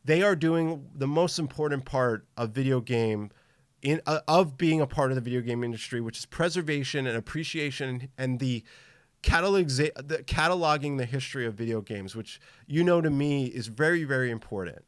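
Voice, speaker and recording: A man's voice: medium pitch, moderate pace, dry recording, clean studio sound. Tired but upbeat man hosting a podcast. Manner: enthusiastic, greets chat viewers by name. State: tired from travel. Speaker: podcast host. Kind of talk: casual live-stream chat.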